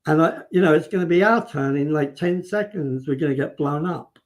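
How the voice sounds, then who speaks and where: A man with a fairly high-pitched voice speaks briskly as a guest on a live stream. Recounting events in a lively, casual way, he imitates what people said and frequently restarts his sentences.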